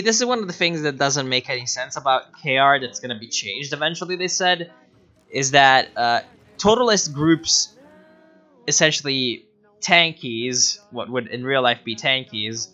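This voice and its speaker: Bright-voiced man streaming a game. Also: medium pitch. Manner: profane, excitable, laughs often. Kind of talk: casual livestream commentary. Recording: dull lo-fi mic with faint music.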